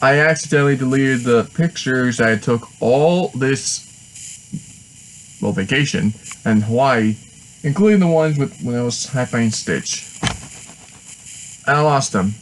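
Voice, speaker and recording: A man telling a story in a casual vlog, rambling and excitable, often restarting his sentences. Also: medium pitch, measured pace, pauses often, slight background noise, low-quality recording. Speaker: vlogger.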